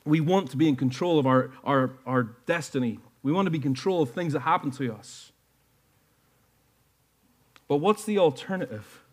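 A man preaching a sermon to his church, earnest and building to emphatic peaks. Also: on the high side. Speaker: pastor.

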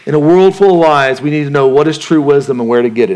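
A man preaching a sermon to a congregation, talking in a relaxed way, asking them questions and joking in casual slang. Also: mid-range voice, fast. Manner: conversational, asks the congregation questions; uses casual slang and jokes. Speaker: pastor.

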